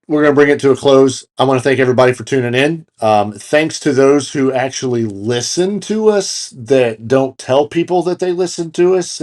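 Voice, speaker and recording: A podcast co-host wraps up the episode in casual chat, joking around and swearing offhandedly. His voice sits in the mid-range with a slightly mellow quality.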